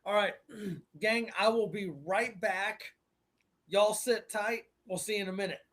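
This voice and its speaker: A man with a notably high voice, bantering and joking on a live drinking stream. He keeps clearing his throat between jokes. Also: steady tone, unhurried, fairly bright tone. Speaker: co-host of a live beer-tasting stream. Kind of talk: casual drinking-stream chat.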